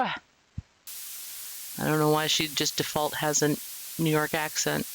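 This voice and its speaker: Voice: medium pitch, little pitch movement, a little slow, vocal fry, long pauses, fairly bright tone, slight background noise, low-quality recording. A streamer casually chatting through a live game playthrough, rambling with fillers.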